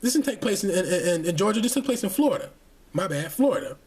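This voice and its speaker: A man with a high, husky voice delivering angry ranting commentary. He talks heatedly and profanely, often stumbling through repeated restarts. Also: expressive, fast, a little mellow. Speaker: channel host.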